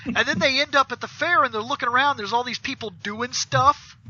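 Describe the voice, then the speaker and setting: High, sharp-voiced man on a video call. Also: brisk, dull audio. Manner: animated storytelling, casual swearing. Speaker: podcast co-host. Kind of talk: casual chat.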